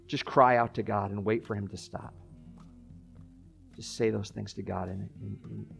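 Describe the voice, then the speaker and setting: A man preaching as a pastor, closing his sermon with a prayer, moving from quiet pleading to loud, urgent calls. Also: on the low side, steady tone, moderate pace, creaky, long pauses, soft background music.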